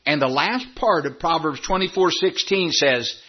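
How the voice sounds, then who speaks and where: A man's voice: on the high side, very animated, a little slow, slightly rough, dull audio. A middle-aged man preaching a sermon, emphatic, repeating phrases and stretching key words for effect. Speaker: pastor.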